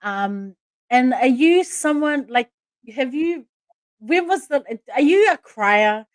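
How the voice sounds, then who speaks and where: A woman's voice: high voice, animated, slow pace, dry recording. A woman hosting a casual podcast chat, talking in a chatty, emphatic way and laughing often. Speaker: podcast host.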